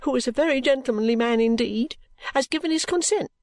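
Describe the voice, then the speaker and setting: A woman voicing a tearful, emotional young woman who pleads in a high voice. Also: brisk, a little mellow. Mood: tearful pleading.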